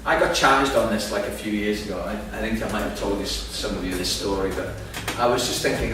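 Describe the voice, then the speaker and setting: A man's voice: fairly low pitch, fast, hardly any pauses. A man giving a sermon, telling a humorous, self-deprecating story to an audience in a large hall. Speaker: preacher. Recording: echoey hall, distant mic, background noise.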